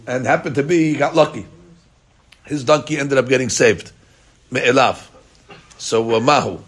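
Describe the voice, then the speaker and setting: Guy giving a talmud class, lively storyteller, mid pitch, drops in hebrew and aramaic bits. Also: moderate pace. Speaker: Talmud teacher.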